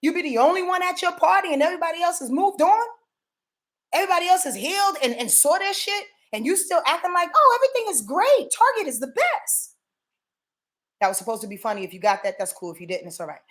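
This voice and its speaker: Woman astrologer from Yonkers, casual forecast vlog, swears a lot, talks straight to viewers, highish voice, very lively pitch. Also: fast. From Yonkers, New York. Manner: profane, animated, addresses viewers directly.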